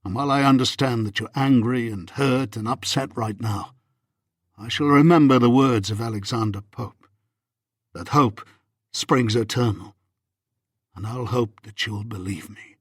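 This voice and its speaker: A man voicing an earnest, remorseful young Regency husband in an audiobook, with a husky, pleading delivery. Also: mid-range voice, measured pace, no echo, studio quality. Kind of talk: audiobook reading.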